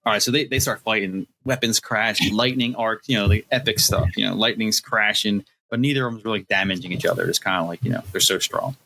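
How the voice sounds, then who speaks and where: A man's voice: lowish voice, a little fast, gravelly, hardly any pauses, bright, forceful tone, a little hiss or hum, poor audio. A man co-hosting a podcast, retelling a novel's scenes in loose casual chat and acting out the quotes with plenty of laughter. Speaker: podcast co-host.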